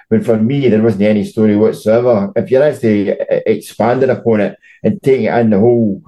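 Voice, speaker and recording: A middle-aged Scottish man talks football on a podcast in a mellow, dark-toned voice. He tells long anecdotes and often repeats a word before getting his sentence going. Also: fairly low pitch, steady tone, fairly quick, few pauses, rough recording. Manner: storytelling, repeats words when starting sentences. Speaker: football journalist, podcast co-host. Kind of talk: casual football chat.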